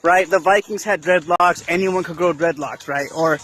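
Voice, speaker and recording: A man's voice: on the high side, fairly even intonation, moderate pace, few pauses, fairly bright tone, poor audio. A man hosting his channel, talking casually in a monologue, tagging lines with "right?" and mixing in slang and cursing. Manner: repeats "right?" as a tag, mixes slang and cursing. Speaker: channel host.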